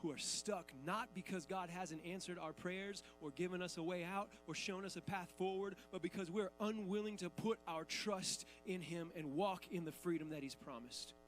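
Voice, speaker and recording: A man's voice: sits high, moderate pace, hardly any pauses, faint music behind. A man in his thirties, a pastor preaching a sermon in a church, talking in a conversational, emphatic way with casual asides. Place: church sanctuary.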